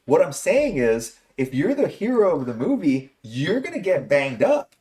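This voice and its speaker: A man's voice: on the high side, wildly swooping pitch, normal speed, mellow. A man hosting a podcast, ranting with exasperated profanity in a casual movie review chat. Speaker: podcast host.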